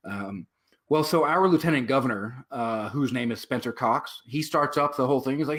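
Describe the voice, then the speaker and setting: A man's voice: medium pitch, normal speed, a bit bright. A man, a veteran and activist, telling his story as a guest in a casual interview, rambling with many fillers and swear words.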